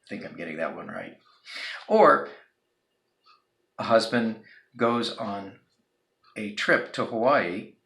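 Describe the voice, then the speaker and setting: A man's voice: on the low side, expressive, slow, vocal fry, pauses often, sharp tone, roomy sound. A male instructor giving a recorded video lecture in a casual, joking way, with frequent ums and uhs. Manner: casual, joking, filler-heavy.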